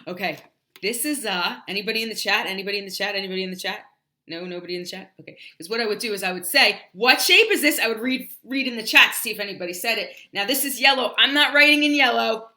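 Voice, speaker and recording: In an echoey room, a woman with a medium-pitched, sharp voice teaches English shapes on an animated livestream. She chats, often sings, and stretches words out slowly for children to repeat.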